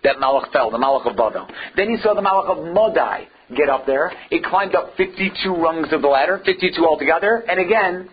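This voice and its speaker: A fairly high-voiced man delivers an emphatic Torah lecture, full of rhetorical questions. The recording sounds dull and lo-fi, with a faint hiss underneath. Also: expressive, a little fast, few pauses. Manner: emphatic, rhetorical questions, Hebrew and Yiddish terms. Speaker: Torah teacher.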